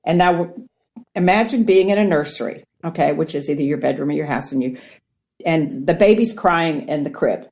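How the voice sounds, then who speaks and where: A woman from Ohio, a guest on mindfulness, teaching in a conversational way, earnest and animated, acting out little quotes as she explains. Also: low voice, normal speed. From Ohio, United States.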